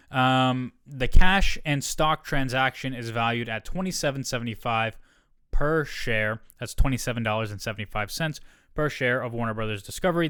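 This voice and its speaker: A man talks casually on his own podcast in a smooth, clear voice, reading an article aloud and wandering into asides. He often stops to second-guess and correct himself. The recording is close and dry. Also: mid-range voice, a bit bright, no room sound. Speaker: solo podcast host. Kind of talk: casual solo podcast talk.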